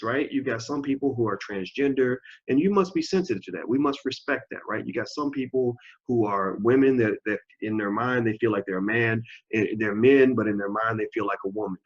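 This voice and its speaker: Husky, emphatic man preaching to camera. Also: mid-range voice. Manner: emphatic and preachy, repeats phrases for stress. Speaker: channel host. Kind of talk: opinion commentary monologue. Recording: dull lo-fi recording.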